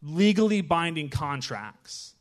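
Chatty man preaching with a high voice. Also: takes it slowly. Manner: chatty, animated, with frequent "right?" asides. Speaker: guest preacher. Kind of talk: casual conversational sermon.

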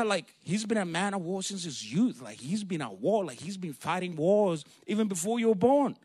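Male preacher, conversational Bible talk, slightly high voice, dry room. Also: lively intonation, moderate pace, a little mellow, slightly rough, no room sound. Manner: conversational, retells scenes in casual slang voices. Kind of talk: informal Bible teaching.

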